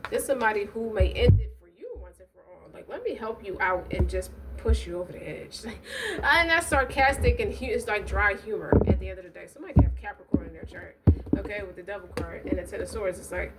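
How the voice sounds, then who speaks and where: Over loud music and far from the mic, a woman with a medium-pitched, lively voice talks fast while giving a casual tarot reading. Blunt, profane and streetwise, she rambles with asides and restarts in a noisy recording.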